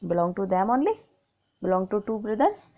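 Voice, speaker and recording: A woman's voice: medium pitch, very animated, brisk, muffled recording. A woman teacher with an Indian English accent, patiently working through grammar exercises from a school book, reading out sentences and repeating the answers. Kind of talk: explaining textbook grammar exercises.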